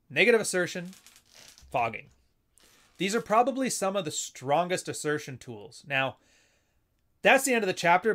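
A man with a slightly bright, high-leaning voice gives casual, unscripted commentary explaining assertiveness techniques. He often acts out little dialogues, shifting between voices.

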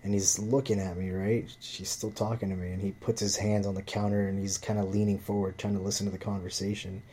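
A man's voice: fairly low pitch, little pitch movement, a little fast, mellow, breathy edge. A man telling a rambling, profanity-laden story in casual chat, heavy with fillers.

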